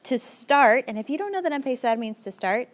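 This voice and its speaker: A young adult woman teaching a recorded language lesson in a brisk, chatty, encouraging way, with lively jumps in pitch. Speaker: Spanish teacher.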